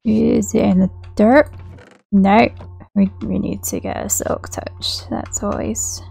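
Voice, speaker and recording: Chatty woman, gravelly edge. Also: mid-range voice, steady tone, takes it slowly, dark tone, faint music behind. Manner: chatty, rambling, giggly, self-deprecating. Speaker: gaming YouTuber. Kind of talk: casual gameplay commentary.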